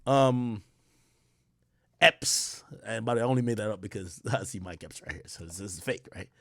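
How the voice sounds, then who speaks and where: A man telling a casual story to his live stream, excitable and full of slang and swearing. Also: lowish voice, normal speed, gravelly, no echo, clean studio sound. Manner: animated, profane, slangy, excitable. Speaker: streamer and commentator.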